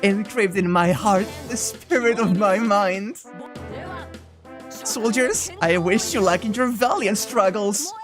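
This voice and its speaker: A woman's voice: mid-range voice, slow pace, music in the background, pitched above the performer's own voice, close to an everyday voice. A woman reading visual novel dialogue aloud and voicing a stern, boisterous female teacher with grandiose, theatrical proclamations.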